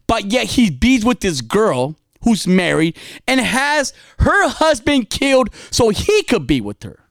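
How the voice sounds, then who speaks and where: A man preaches in a casual, dramatic storytelling style. His voice rises and falls widely, dropping low for confession and climbing high to urge. It is recorded close and dry, with no room echo. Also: huge pitch swings, measured pace, gravelly. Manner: dramatic storytelling, confessional, swings from quiet to fiery. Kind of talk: impassioned spoken sermon.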